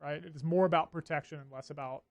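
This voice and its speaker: A man running a tabletop game as game master, narrating in a laid-back way with filler pauses. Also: a little high, fairly even intonation, vocal fry, no room sound.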